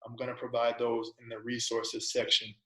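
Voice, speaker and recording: Man presenting a casual trading lesson, flat delivery, keeps asking "right?", slightly echoey room. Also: medium pitch, moderate pace. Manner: conversational, repeats "right?" and "you know"; asks a string of coaching questions.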